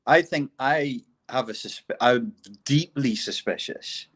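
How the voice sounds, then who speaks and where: A man's voice: medium pitch, takes it slowly, fairly bright tone, slightly rough. Blunt, swearing man in casual talk. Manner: blunt, profane, mocking. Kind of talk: casual conversation.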